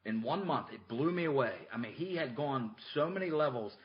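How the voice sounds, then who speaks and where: A man's voice: medium pitch, expressive, a little fast. A man co-hosting a podcast, telling a coaching story in a blunt, chatty way with lots of restarts. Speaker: podcast co-host and motocross coach. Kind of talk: casual chat. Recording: muffled lo-fi podcast audio.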